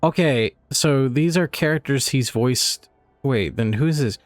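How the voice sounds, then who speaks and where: A man's voice: mid-range voice, a little slow, dry recording. A man giving casual, rambling let's play commentary, laughing and swearing as he goes. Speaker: streamer.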